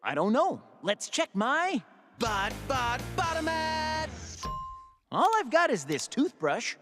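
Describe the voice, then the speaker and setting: A bouncy cartoon robot. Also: male voice, very high-pitched, huge pitch swings, takes it slowly, long reverb tail, over music, heavily acted. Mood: cheerful. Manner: eagerly instructs and encourages. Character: cheerful male cartoon robot helper. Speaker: robot sidekick. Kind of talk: children's cartoon voice acting.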